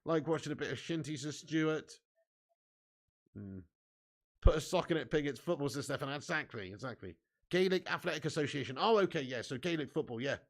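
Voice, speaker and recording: A man hosting a live football watch-along, excitably commentating and reading out viewer comments with casual swearing. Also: fairly high pitch, a little fast.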